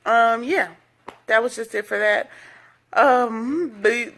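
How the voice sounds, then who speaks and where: A woman's voice: a little high, slow pace, fairly bright tone. A woman chatting casually as she recaps a reality TV episode, full of sassy, gossipy asides.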